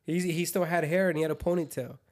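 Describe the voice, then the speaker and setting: A man's voice: fairly high pitch, steady tone, fast talker, over a noisy crowd. A man co-hosting a podcast in casual, joking chat, swearing freely between his stories. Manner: profane, joking banter. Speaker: podcast co-host.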